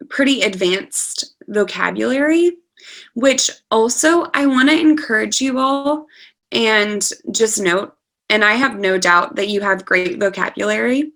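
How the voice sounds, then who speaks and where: Woman giving an online writing lesson, talks real slow and patient, reads an essay out loud, video call. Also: fairly high pitch, vocal fry. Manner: slow, patient teacher reading an example essay aloud. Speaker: online class speaker on scholarship writing. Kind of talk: online lecture.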